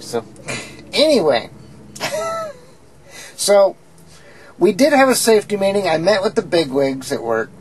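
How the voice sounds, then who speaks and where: A woman's voice: lowish voice, breathy edge. A woman chatting candidly in a casual, rambling video diary from her bedroom. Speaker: video diarist. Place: home bedroom, indoors.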